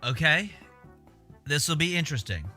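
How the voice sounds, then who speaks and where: A man's voice: on the high side, expressive, moderate pace, pushed and bright, faint music behind. A man chatting casually on a livestream, laid-back and swearing freely while he eats.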